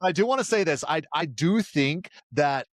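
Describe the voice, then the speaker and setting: A podcast host chatting casually, lively and expressive. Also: medium pitch, normal speed, no room sound, clean studio sound. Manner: lively, expressive, prone to sudden loud outbursts.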